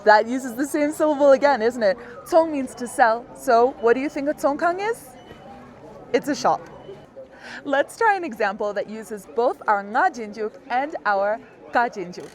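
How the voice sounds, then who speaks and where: A woman's voice: fairly high pitch, expressive, normal speed. Woman teaching outdoors, friendly and patient. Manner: friendly, explains step by step, laughs often. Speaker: language teacher. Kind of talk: casual outdoor lesson. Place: outdoors in a busy public place. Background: onlookers in the street.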